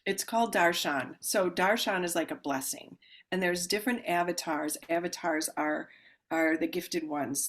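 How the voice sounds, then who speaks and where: Woman podcast guest, slightly low voice, animated storyteller who acts out dialogue. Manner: animated, acts out quoted voices with sudden loud exclamations; calm explaining voice when describing the ritual. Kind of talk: casual storytelling interview.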